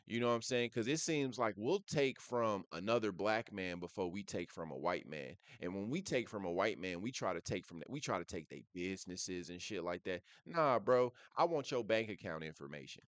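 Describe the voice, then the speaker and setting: A man hosting a reaction video comments on a clip in casual, blunt, profane slang, tacking "bruh" onto nearly every thought. His voice sits low and he talks fairly quickly with hardly any pauses, with no room sound.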